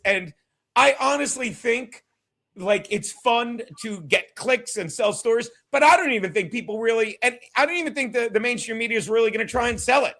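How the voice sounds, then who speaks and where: A man hosting a casual political chat show, loud and emphatic, joking and shouting his punchlines. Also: very high-pitched, a little fast. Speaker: podcast host.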